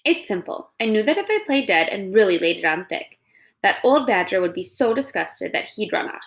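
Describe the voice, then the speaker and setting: A woman's voice: medium pitch, sing-song, normal speed. A woman reading a children's novel aloud, voicing a chatty, theatrical female possum who gushes about acting. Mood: proud. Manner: dramatic, gushing, eager to please.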